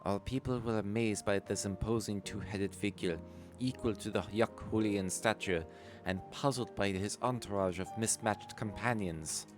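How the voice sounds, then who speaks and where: A man reading the lines of a small, formal storyteller from a merchant clan, measured and solemn. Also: fairly low pitch, music in the background, close to an everyday voice. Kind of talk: reading game dialogue aloud.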